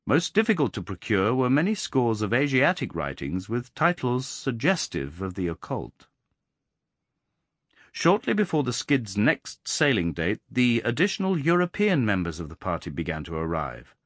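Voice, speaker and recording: A man narrating a novel in the first person, in a measured, expressive reading. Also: medium pitch, no echo, studio quality. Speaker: audiobook narrator.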